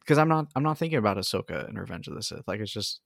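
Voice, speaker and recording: Laid-back low-voiced podcast guy. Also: lively intonation, very fast, gravelly, fairly bright tone, no echo, studio quality. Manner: rambling, filler-heavy, often laughing. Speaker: podcast co-host. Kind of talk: casual fan chat.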